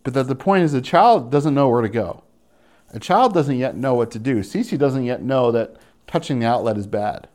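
A young man preaching with lots of energy. He swings his pitch up and down as he mimics parents and children, then drops into slow, earnest stretches. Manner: animated, acts out quoted voices, chuckles. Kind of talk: sermon.

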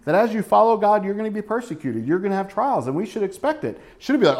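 Male pastor, thirties, slightly high pitch; relaxed conversational sermon full of questions to the congregation. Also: a little fast, few pauses.

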